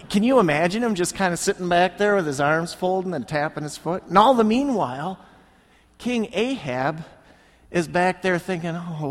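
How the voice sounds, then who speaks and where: A man preaching a sermon, retelling a Bible story and acting out the characters' lines as he goes. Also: a little high. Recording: long hall reverb.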